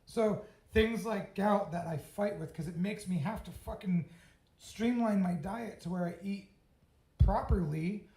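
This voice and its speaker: A man's voice: high-pitched, mellow, reverberant, low-quality recording. A middle-aged man telling a personal story to an audience, swearing freely and laughing at himself. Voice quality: swears freely, blunt and candid. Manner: self-mocking, laughs at himself. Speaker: storytelling speaker.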